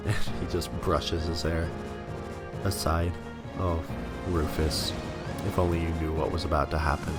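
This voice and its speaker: A man's voice: a bass voice, little pitch movement, unhurried, long pauses. A young man casually commenting over a video game he is playing, laughing often and swearing freely. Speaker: let's play commentator. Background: game music.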